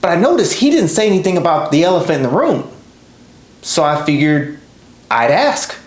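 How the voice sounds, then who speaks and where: A man in his thirties spins a casual personal story with a relaxed, chatty delivery and lively asides. His voice sits a bit high, and the room gives it a clear ringing echo. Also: normal speed. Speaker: podcast storyteller. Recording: roomy echo.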